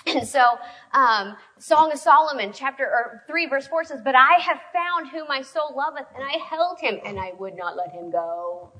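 Bright, lively woman preaching. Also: sits high, poor audio. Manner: conversational and storytelling, quick shifts in loudness. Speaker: preacher speaking to a women's group. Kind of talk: sermon.

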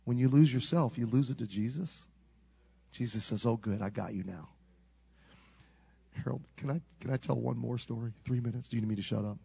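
Gravelly older man preaching a story sermon. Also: mid-range voice, quick pace. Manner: animated, swings from loud to hushed.

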